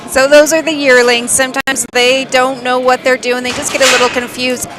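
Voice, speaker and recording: A woman's voice: sits high, level tone, moderate pace, music in the background. A woman with a Midwestern accent, co-commentating a live bucking bull event in an upbeat, plainspoken way.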